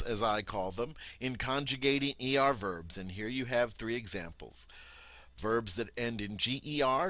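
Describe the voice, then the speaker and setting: A man's voice: mid-range voice, expressive, unhurried, a bit bright, no room sound. A man, a teacher, patiently explaining a French grammar point in a methodical classroom style. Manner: patient, methodical, with many ums and rhetorical checks.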